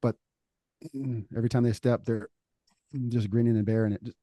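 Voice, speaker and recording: Man with a low, mellow voice. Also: fairly quick, no room sound. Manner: animated storytelling, acts out quoted voices. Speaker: podcast co-host. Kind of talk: casual faith talk.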